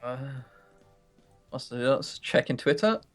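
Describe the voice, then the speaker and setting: A male streamer chats and jokes with his co-player in a relaxed, teasing way. His voice moves lively up and down in pitch, and faint music runs under the talk. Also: slow, smooth. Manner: laughing, teasing banter. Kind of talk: casual live-stream chat.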